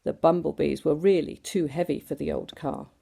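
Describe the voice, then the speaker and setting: A woman reading a storybook aloud to children in an animated way, doing sound effects and asking the listeners questions. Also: deep voice, normal speed, creaky, breathy edge.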